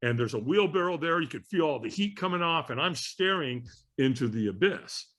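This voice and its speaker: A man tells a story as a guest on an interview podcast, his voice sitting a little high for a man and swinging widely in pitch. He talks in an animated way, acting out the voices of the people in his story. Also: fairly quick.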